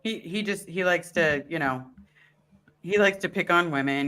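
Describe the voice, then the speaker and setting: A woman's voice: fairly low pitch, expressive, normal speed, fairly bright tone. A woman hosting a live-stream chat show, talking in an impassioned, ranting way. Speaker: host.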